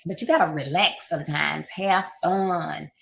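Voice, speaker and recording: A woman's voice: low-pitched, steady tone, unhurried, creaky, a little hiss or hum. A middle-aged woman hosting a podcast, giving casual motivational advice and repeating her points with encouraging asides. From Florida, United States.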